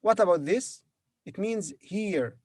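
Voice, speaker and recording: Slow, patient male language teacher. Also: high voice, lively intonation, husky, dry recording, studio quality. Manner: patient, sounds out syllables and repeats words. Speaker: Arabic teacher. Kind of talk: slow beginner language lesson.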